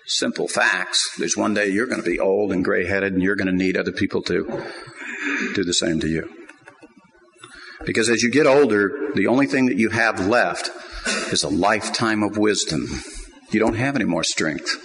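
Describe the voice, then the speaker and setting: A man's voice: lowish voice, normal speed, a little hiss or hum, low-quality recording. Emphatic male preacher. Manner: emphatic preaching, swinging from quiet to loud. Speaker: pastor. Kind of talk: sermon.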